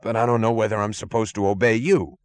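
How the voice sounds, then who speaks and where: A man voicing a blustering male prison chief who yells in frantic panic in an audiobook. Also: level tone, fast, natural voice. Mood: agitated. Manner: shrill, yelling, frantic. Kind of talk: audiobook character voice.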